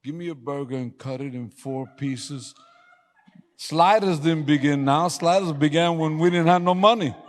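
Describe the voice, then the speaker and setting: Animated pastor preaching in a reverberant hall. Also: male voice, on the high side, normal speed. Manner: animated storytelling with sudden yelling and laughter. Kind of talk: sermon. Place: church sanctuary.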